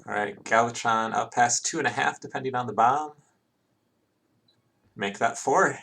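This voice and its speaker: A man casting an online game match live, talking through the action in a loose, conversational way. His voice sits at an ordinary middle pitch with a gravelly rasp. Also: normal speed, bright, forceful tone. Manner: chatty, conversational play-by-play. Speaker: esports commentator.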